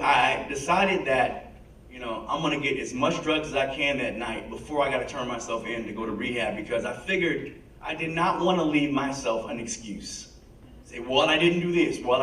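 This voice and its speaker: Animated man telling his story in a hall. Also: medium pitch. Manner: animated storyteller acting out quoted voices. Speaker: guest speaker. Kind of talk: personal recovery story told to an audience. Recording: echoey hall, mic from a distance.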